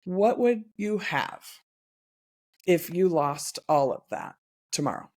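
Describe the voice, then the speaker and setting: A host interviewing a guest, speaking in a warm and caring way. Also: medium pitch, big pitch swings, takes it slowly. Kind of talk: interview conversation.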